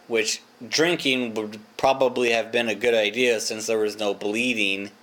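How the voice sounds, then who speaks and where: A man's voice: fairly low pitch, steady tone, moderate pace, hardly any pauses, fairly bright tone. A young man telling a rambling, profane, self-mocking story in a casual vlog. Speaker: vlogger.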